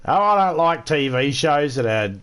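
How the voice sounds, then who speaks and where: A man's voice: fairly high pitch, animated, normal speed, fairly bright tone, clear, resonant tone. A man with an Australian accent, streaming a game and ranting crudely with lots of swearing. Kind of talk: casual gaming livestream rant.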